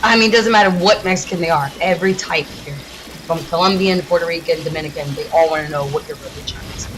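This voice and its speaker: A woman from the United States, a gaming streamer, ranting in a heated, profane, rapid-fire way while she plays. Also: lowish voice, background noise. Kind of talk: casual ranting during a livestream.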